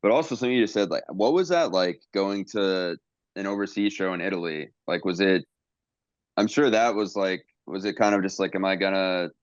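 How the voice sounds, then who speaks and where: A man hosts a podcast interview in an easygoing way, with a very deep voice. His questions wander and trail off, with plenty of agreeing "yeah"s. The sound is dry and a bit dull and lo-fi. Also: brisk, no echo. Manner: loose, backchanneling, trailing questions. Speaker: podcast host. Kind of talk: casual interview chat.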